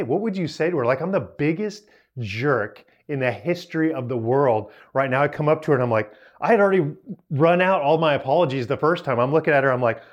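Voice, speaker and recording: Man, 40s, youth speaker, storytelling talk, somewhat high voice, animated, self-mocking. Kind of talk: storytelling talk to a young audience.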